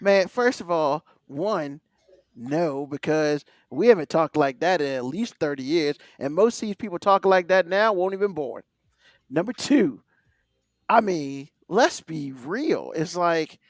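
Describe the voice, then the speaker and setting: A man's voice: sits high, big pitch swings, unhurried, fairly bright tone, no echo, clean studio sound. A man co-hosting a casual sports podcast, ranting animatedly and swearing freely. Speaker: podcast co-host.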